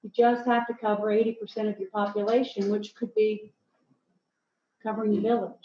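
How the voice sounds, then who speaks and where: A woman's voice: medium pitch, little pitch movement, brisk, slight background noise. A woman co-presenting at a workshop, enthusiastic and teasing. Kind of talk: conference presentation. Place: lecture hall. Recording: echoey hall, dull.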